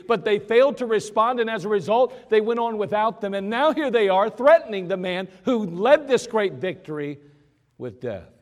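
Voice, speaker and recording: A man preaching a sermon, who acts out scenes in dramatic voices. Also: sits high. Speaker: pastor. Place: church sanctuary. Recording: long church reverb.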